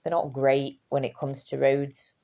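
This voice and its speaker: Woman rambling to camera, tired, low mellow voice, bit of fry, swears a lot. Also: level tone, a little slow. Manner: chatty, swears casually, trails off and restarts. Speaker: vlogger. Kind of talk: casual rambling chat.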